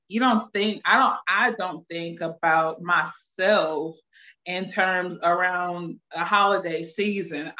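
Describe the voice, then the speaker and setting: A woman's voice: fairly low pitch, fairly bright tone. A woman on a podcast panel, speaking reflectively and thinking aloud. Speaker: panel guest. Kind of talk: casual podcast discussion. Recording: roomy, dull lo-fi audio.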